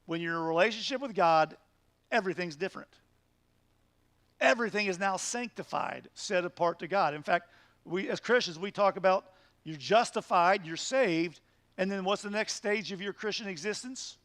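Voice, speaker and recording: A man's voice: high voice, normal speed, fairly bright tone, dry recording. A man, a pastor teaching a midweek Bible study in an earnest, emphatic way, asking rhetorical questions as he goes.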